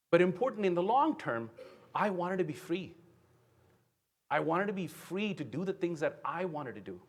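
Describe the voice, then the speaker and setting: Earnest man from India giving a keynote. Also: a little high. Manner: earnest storytelling with frequent "right?" tag questions. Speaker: keynote speaker. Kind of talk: motivational keynote speech. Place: conference venue.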